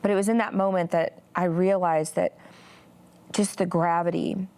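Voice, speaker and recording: Earnest woman with a gravelly low voice. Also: steady tone, normal speed, a little mellow. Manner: earnest, many "you know" fillers. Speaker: guest, pro-life activist. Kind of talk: interview storytelling.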